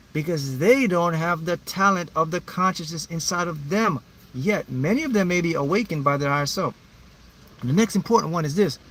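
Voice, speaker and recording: A man as a manifesting mentor, speaking emphatically and repetitively to his viewers in a live motivational talk. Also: fairly high pitch. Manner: reads out viewers' names.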